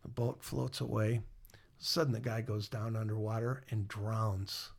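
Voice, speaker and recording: A man's voice: lowish voice, steady tone, normal speed, creaky. A middle-aged man, a guest on a podcast, reflecting on his career in a rambling, storytelling way. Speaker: guest, former mall marketer.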